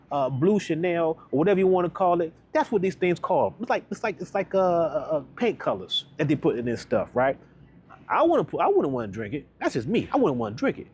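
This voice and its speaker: A man, a health coach giving a lively, preachy walk-through vlog in a grocery store, talking straight to his viewers. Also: mid-range voice, a little hiss or hum.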